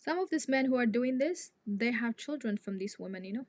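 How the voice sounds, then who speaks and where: A woman's voice: fairly high pitch, lively intonation, a little fast, a little mellow, dry recording. Outspoken woman hosting a live stream. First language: Tigrinya. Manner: outspoken, indignant, chatty with viewers. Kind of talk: casual live chat.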